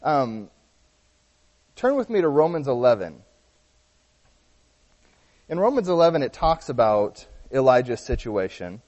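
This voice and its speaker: A man's voice: medium pitch, big pitch swings, a little slow, pauses often, a little mellow. A man preaching a sermon, teaching earnestly through a Bible passage and often restarting his sentences. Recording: dull lo-fi sound with long hall reverb.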